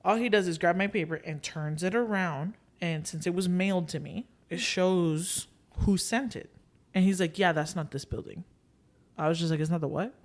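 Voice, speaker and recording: In a lowish voice at a moderate pace, this young podcast host recounts a story conversationally. She animates the quoted dialogue by acting it out and drops in Spanish fillers along the way.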